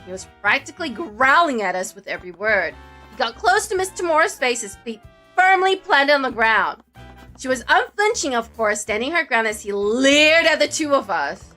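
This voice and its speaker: A woman streamer narrating a visual novel with playful, jokey, excitable asides. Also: high-pitched. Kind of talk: playful game commentary and narration.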